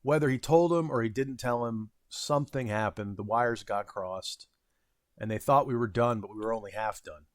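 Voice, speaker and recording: This thirty-something vlogger has a mid-range male voice and a moderate pace, recorded dry. He casually recounts a rambling, self-deprecating story from his retail job, restarting often and leaning on fillers.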